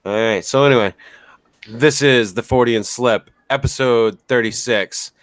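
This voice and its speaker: A man's voice: medium pitch, a little slow. A man hosting a podcast, swearing a lot and teasing his co-hosts in crude casual banter. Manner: profane, blunt, teasing. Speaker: podcast host.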